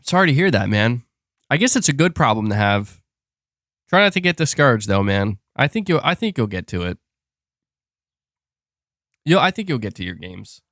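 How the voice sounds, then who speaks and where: A young man hosting a casual gaming podcast, rambling excitably with restarts and laughs as he reads viewer messages. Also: medium pitch, moderate pace, pauses often, no echo, studio quality. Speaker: podcast host reading super chats. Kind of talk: casual live-stream chat.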